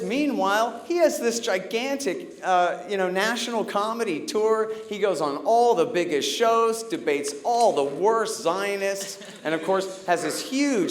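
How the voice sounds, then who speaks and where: A man doing a stand-up comedy set on stage, telling stories sardonically and acting out the people in them. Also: high-pitched. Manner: sardonic storytelling, acts out characters. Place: comedy stage before a live audience.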